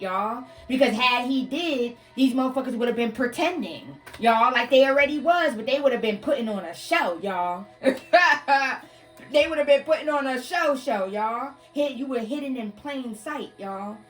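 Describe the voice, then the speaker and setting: A woman's voice: fairly high pitch, lively intonation, moderate pace, few pauses, recorded from a distance. Blunt profane tarot reader woman. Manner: blunt, profane, addresses listeners as y'all. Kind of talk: casual live tarot reading. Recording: voice a bit off-mic with faint music.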